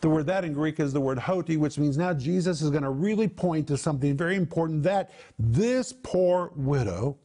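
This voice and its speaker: A man's voice: fairly high pitch, normal speed, few pauses, warm tone. A man presenting a televised Bible teaching, explaining word meanings with emphatic repetition.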